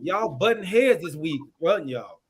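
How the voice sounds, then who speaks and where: A man's voice: a little high, big pitch swings, unhurried, slightly rough. A man hosting a casual sports talk show, greeting viewers by name in loose slang. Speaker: host.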